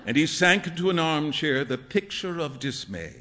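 A man narrating a classic story aloud with an expressive, lively delivery. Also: a little high, normal speed, in a large hall. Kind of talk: storybook reading.

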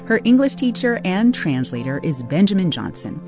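A woman's voice: on the low side, sing-song, moderate pace, over music. A woman introducing a radio segment as the host, reading from a script.

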